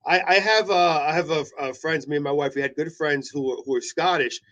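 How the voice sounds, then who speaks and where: High-voiced rambling man host, dull audio. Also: brisk, bright, forceful tone. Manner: rambling storyteller, many restarts. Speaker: radio morning host. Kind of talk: casual chat.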